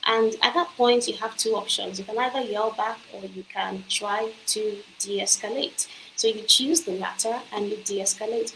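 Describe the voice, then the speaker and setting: A woman's voice: medium pitch, steady tone, moderate pace, a bit bright, slight background noise. A woman who is a company executive and career coach, giving an earnest, persuasive motivational talk that speaks directly to the listener. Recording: echoey room with faint ambience.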